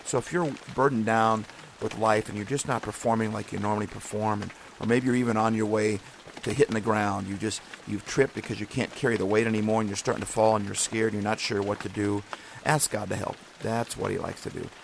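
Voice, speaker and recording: A man's voice: lowish voice, fairly even intonation, brisk, creaky, a little hiss or hum. A man hosting a podcast, giving a casual devotional talk in an earnest, encouraging way that rambles and restarts often. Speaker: podcast host.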